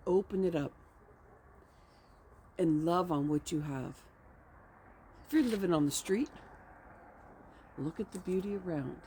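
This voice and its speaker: A woman's voice: on the low side, dark tone, a little hiss or hum. A woman coach giving an earnest, affirming motivational vlog talk from her ranch home, rambling and repeating phrases. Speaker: health and communication coach.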